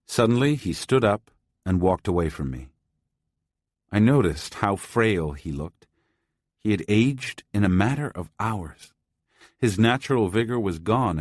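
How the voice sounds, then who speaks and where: Male audiobook narrator, very deep voice, measured first-person storytelling, dry close sound. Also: darkish tone, dry recording.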